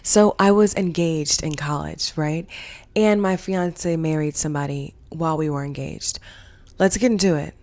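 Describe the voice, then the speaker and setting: A woman's voice: low-pitched, moderate pace, a little mellow. A woman hosting a casual storytime vlog, chatting through a personal story and acting out what people said. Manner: chatty storytelling, acts out quoted dialogue. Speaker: vlog host and family counselor.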